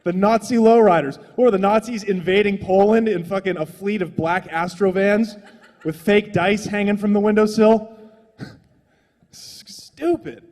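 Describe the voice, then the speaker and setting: A man's voice: sits high, steady tone, unhurried, darkish tone, long reverb tail. Profane rambling stand-up man. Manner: rambling, profane, conversational delivery. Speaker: stand-up comedian. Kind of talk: stand-up comedy set. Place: small comedy stage, filmed live.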